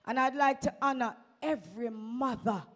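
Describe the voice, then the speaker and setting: A woman's voice: fairly high pitch, moderate pace. A woman with a Jamaican accent stands before a church congregation and gives her testimony. She speaks fervently and urges her listeners on, moving easily between English and Patois. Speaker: church member giving testimony. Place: church sanctuary.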